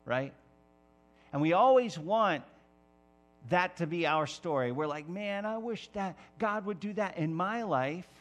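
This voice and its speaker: A man preaching a sermon as pastor of a church, lively and emphatic, sometimes rising to near-shouts. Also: mid-range voice, creaky.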